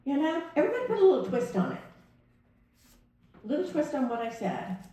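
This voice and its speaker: High-pitched with big swings in pitch, a woman minister talks fairly quickly in a mellow voice during a sermon. In a church sanctuary, she conversationally recounts a personal story and acts out the dialogue, with the audio echoey and recorded from a distance.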